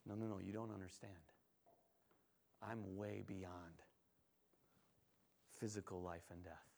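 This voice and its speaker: A man in church acting out a gentle yet commanding male teacher in a sermon, hushed with a grieving father and loud and fed up with a crowd. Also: on the high side, a little fast, slight background noise, natural voice. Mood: reassuring.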